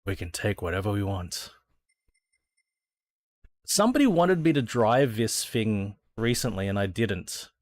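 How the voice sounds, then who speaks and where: A man's voice: lowish voice, sing-song, unhurried, long pauses, dry recording, clean studio sound. An Australian man streaming a racing sim, chatting casually to viewers, thinking aloud and swearing freely. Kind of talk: casual gameplay chat.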